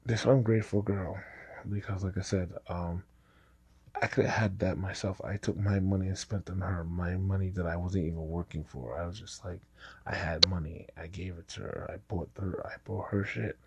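A man's voice: low-pitched, fairly even intonation, normal speed, darkish tone, husky, dry recording. A man casually telling a personal story, rambling and restarting his sentences. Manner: rambling, repeats himself with false starts.

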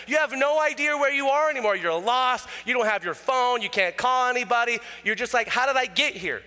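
A man preaching a sermon, telling everyday stories in an animated way and acting out the voices of ordinary people. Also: sits high. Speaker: pastor. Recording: roomy hall with long reverb.

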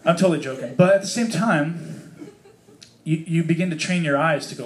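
A man's voice: a little high, fairly quick, slight background noise. A man leading a casual Bible study for a small group, reading scripture aloud and explaining it in a chatty, joking way with many fillers.

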